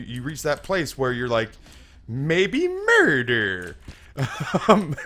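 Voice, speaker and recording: A man's voice: medium pitch, a bit bright, a little hiss or hum. A man casually commenting on a video game and telling a long joke, with frequent stammered restarts.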